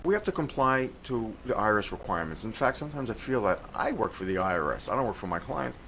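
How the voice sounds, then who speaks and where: A man's voice: lowish voice, quick pace, a little hiss or hum, low-quality recording. An older man from New York with a New York accent, a tax accountant chatting as an interview guest and telling stories. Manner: chatty, storytelling, animated. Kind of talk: casual interview chat.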